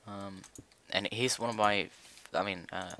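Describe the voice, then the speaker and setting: A man's voice: fairly low pitch, steady tone, measured pace, bright, forceful tone. A young man chatting casually while he plays a building game, rambling and hesitant with many fillers. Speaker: gaming video creator. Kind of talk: casual Minecraft commentary.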